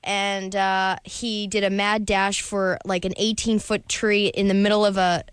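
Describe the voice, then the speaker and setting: A woman's voice: mid-range voice, flat delivery, a little slow, clear, resonant tone, no room sound, clean studio sound. A woman guest on a call-in radio show, chatting casually with frequent laughs and hesitations.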